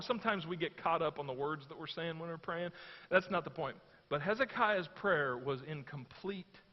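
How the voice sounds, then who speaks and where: A man with a fairly high voice preaches a sermon in a church, chatty and storytelling in tone and acting out the lines of the people in the story. His voice rings with a long reverb, and the recording sounds dull and lo-fi. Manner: conversational storytelling, acts out quotes. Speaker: pastor. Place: church hall. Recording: echoey hall, dull lo-fi sound.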